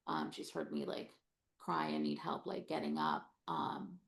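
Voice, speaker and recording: Woman panelist, low voice, strong creaky fry, halting and hushed. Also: very animated. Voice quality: heavy vocal fry. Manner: soft, halting, trails into whispers. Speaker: panelist, parent living with cancer. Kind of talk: panel discussion.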